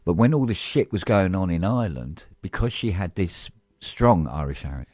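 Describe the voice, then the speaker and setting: A middle-aged man with a very low, deep voice talks loosely on a live stream, circling back on himself with false starts and coughs. The sound is dry and close, with no room around it. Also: lively intonation, moderate pace, darkish tone, dry recording. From England. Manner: rambling, full of restarts and coughs. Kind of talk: casual chat.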